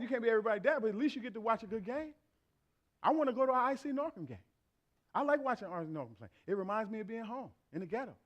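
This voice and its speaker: Man, pastor, middle-aged, high voice, animated comic sermon. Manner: animated storyteller acting out family dialogue. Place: church sanctuary.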